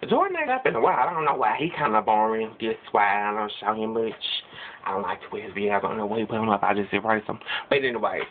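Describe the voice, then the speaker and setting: A man's voice: on the low side, fairly even intonation, fast talker. Brief: playful, rambling male vlogger, tinny phone-like sound with a noisy hiss. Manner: playful, rambling, teasing the viewer. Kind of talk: comic retelling in casual chat. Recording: tinny phone-like audio with noise.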